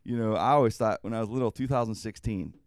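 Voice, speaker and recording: A man's voice: on the low side, fast talker, dry recording, clean studio sound. A man hosting a radio talk show, telling a story with lots of laughter and drawling "man". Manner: animated, laughing through his stories, drawls "man". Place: radio studio.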